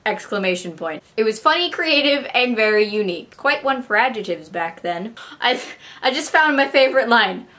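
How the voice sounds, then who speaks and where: A woman's voice: on the high side, animated, normal speed, bright, forceful tone. A young woman in her late teens, vlogging casually and reading an old school essay aloud with dry, wry asides. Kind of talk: casual vlog.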